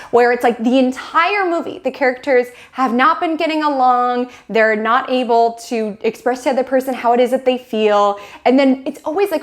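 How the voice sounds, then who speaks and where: A young woman hosting an astrology show, talking in a bubbly, chatty way and acting out dramatic quotes. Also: high-pitched. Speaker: astrology channel host. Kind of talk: casual chat to camera.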